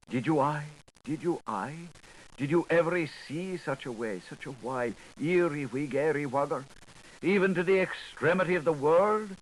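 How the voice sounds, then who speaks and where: A man reading an unabridged literary audiobook in a lilting, sing-song recitation with wide swings in loudness. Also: medium pitch, rough recording. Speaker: audiobook narrator. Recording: 1980s studio tape, faint hiss.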